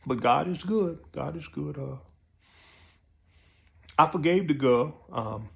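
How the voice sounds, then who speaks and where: A man telling a profane comic story, jumping up high when excited. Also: slow pace, gravelly. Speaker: comedian storyteller. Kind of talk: comic monologue.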